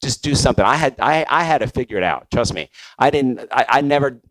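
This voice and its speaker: A man's voice: mid-range voice, lively intonation, a little fast, a bit bright, no room sound, rough recording. A middle-aged man, a record label founder, recounting his career in a loose conversational way with many fillers and restarts. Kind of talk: conference talk storytelling.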